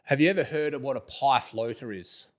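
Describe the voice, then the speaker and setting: An Australian man hosts a relaxed podcast interview. He jokes and laughs often as he runs through quick-fire questions in a casual, chatty way. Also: mid-range voice. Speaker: podcast host.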